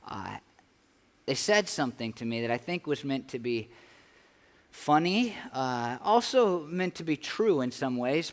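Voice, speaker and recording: A man preaching a sermon as pastor, earnest and conversational, with frequent restarts. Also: mid-range voice. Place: church sanctuary. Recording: long church hall reverb.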